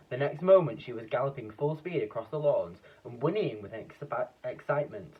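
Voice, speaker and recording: A man reading a children's book aloud in a lively, expressive way, with a few slips and restarts. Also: mid-range voice, fairly quick, few pauses, a little hiss or hum. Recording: dull, distant lo-fi recording.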